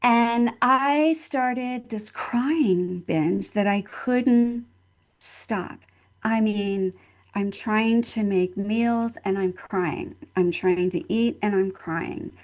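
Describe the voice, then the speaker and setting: Older woman, nurse and interview guest. Earnest, heartfelt, mid-pitched storyteller who repeats herself for emphasis. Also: a little mellow. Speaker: summit guest speaker, nurse. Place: at home in Texas.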